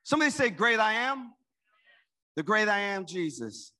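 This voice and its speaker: Man, pastor, high voice, bright tone, call-and-response sermon. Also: big pitch swings, normal speed. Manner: call-and-response preaching, rising and dropping volume. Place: church with an in-person and online congregation.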